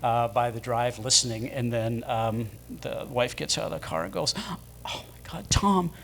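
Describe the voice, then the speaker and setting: A man's voice: mid-range voice, steady tone, normal speed, gravelly, a bit bright, slight background noise. A man telling casual anecdotes as a guest at a live show in a pub, rambling, with many fillers.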